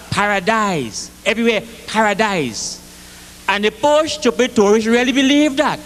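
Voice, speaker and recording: A man doing live comic storytelling with an animated, rhythmic Caribbean delivery. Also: very high voice.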